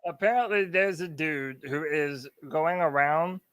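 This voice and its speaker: A man's voice: on the high side, measured pace, over music. A man co-hosting a sports podcast, chatty and laughing in casual talk. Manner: chatty, laughing, lots of fillers. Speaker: podcast co-host.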